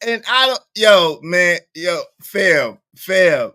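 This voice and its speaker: A man doing casual livestream reaction commentary, animated and profane, laughing often and repeating himself for emphasis. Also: sits high, extremely slow, dry recording.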